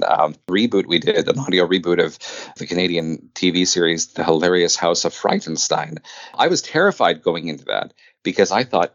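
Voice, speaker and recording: A man, an audio drama producer, talking as an interview guest, animated and full of stammering restarts. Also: low-pitched, dry recording, highs cut off. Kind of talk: conversational interview.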